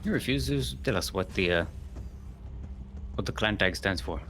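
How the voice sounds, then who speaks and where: Joking esports caster, lively low voice. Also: male voice, normal speed, faint music behind. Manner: joking, rambling, booming ring-announcer introductions. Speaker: tournament host and caster. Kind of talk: playful esports commentary.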